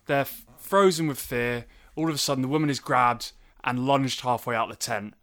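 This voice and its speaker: A man's voice: medium pitch, moderate pace, a bit bright. Chatty man retelling a film. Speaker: podcast co-host. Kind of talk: casual film review chat.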